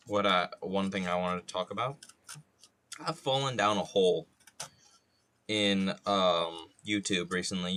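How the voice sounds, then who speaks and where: A man's voice: lowish voice, a bit bright. Rambling, profane young man streaming art. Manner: rambling, profane, jokey asides. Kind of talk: casual chat while sculpting on a livestream.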